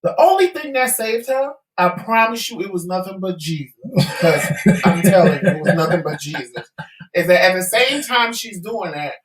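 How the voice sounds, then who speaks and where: A man's voice: high-pitched, expressive, moderate pace, crowd noise. A man co-hosting a talk show, telling a story casually and acting out the voices of the people in it. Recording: echoey room.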